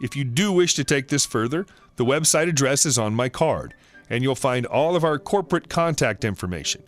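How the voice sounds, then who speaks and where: A man voicing a polite, measured male restaurant manager who stays firm. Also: medium pitch, expressive, faint music behind, lightly acted.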